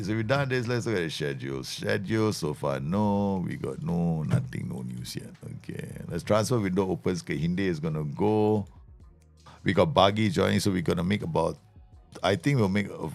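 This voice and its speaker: A man's voice: low-pitched, normal speed, gravelly, soft background music. A man giving chatty, jokey live commentary as he streams a game.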